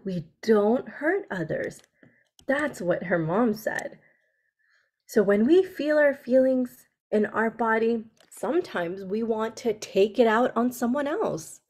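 Lady teacher talking real slow to little kids on a video call, kinda high voice. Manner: slow, gentle, speaks directly to children and asks them questions. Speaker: children's storyteller and teacher. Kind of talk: interactive story session for kids.

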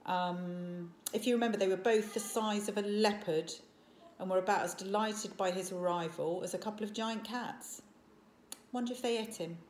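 A woman teacher reading a story aloud to children, animated, and stopping to ask questions. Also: mid-range voice, normal speed, slight background noise. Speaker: primary school teacher. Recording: echoey room.

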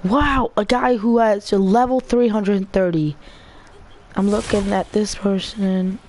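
A woman giving casual commentary while playing a video game, excitable, often squealing and laughing at the screen. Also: mid-range voice, measured pace, slight background noise. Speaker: gamer.

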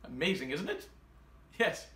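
A man's voice: on the high side, sing-song, normal speed, very noisy. A man playing a prim, haughty grande dame who hosts a theatre show, with an affected, pompous manner. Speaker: read-aloud host. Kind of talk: comic theatrical host persona. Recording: roomy echo.

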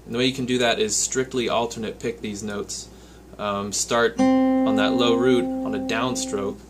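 A man with a fairly low voice walks through a guitar exercise, calling out each down and up stroke as he plays. He explains patiently, step by step, with the odd um. His own guitar rings out loudly under his speech. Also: little pitch movement, moderate pace. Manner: counts picking strokes aloud while playing. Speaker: guitar teacher. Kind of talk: instructional guitar lesson. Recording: loud guitar playing behind the voice. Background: his own guitar playing.

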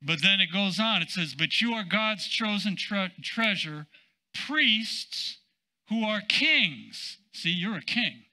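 An older man, a senior pastor, preaching a sermon in an emphatic, drawn-out way with casual asides. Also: high voice, animated, pushed and bright, rough recording.

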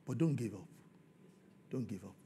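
A man preaching a sermon as pastor, swinging from quiet scripture reading to loud shouting. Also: lowish voice, animated, moderate pace, vocal fry.

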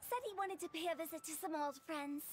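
Perky, mischievous young funeral director. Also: female voice, extremely high pitch, quick pace. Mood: playful. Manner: teasing, perky.

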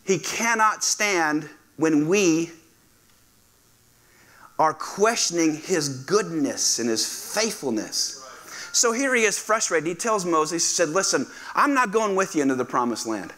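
Animated pastor with a bright voice. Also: male voice, fairly high pitch, measured pace. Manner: animated, acts out quoted voices, asks the congregation to respond. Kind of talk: sermon. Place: church sanctuary.

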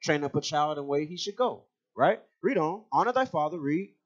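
A man's voice: fairly high pitch, expressive, a little fast, highs cut off. A man teaching scripture on a religious radio talk show, emphatic and preachy, directing a reader to read on. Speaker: teacher leading scripture study.

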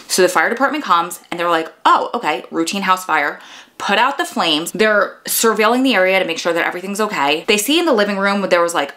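A woman's voice: mid-range voice, bright, forceful tone. A woman from New York with a New York accent, telling a true crime case in a casual, chatty way, breaking off for asides and jokes to her viewers. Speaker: true crime podcast host.

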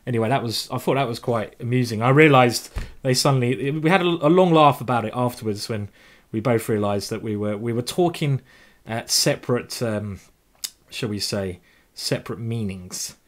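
An English man with a voice of ordinary middle pitch talks through his moves as he plays, in the easy flow of live commentary. He jokes as he goes and lets the occasional swear slip out. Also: normal speed. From England. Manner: chatty, jokey, thinks aloud over moves, swears casually. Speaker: chess grandmaster streamer.

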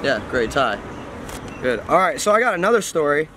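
A man with a somewhat high voice telling motivational stories in an animated, casual way. He shifts into little voices for his characters. Faint traffic drifts by outdoors. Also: normal speed. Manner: animated storytelling, acts out voices. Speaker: host and storyteller. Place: outdoors by a road.

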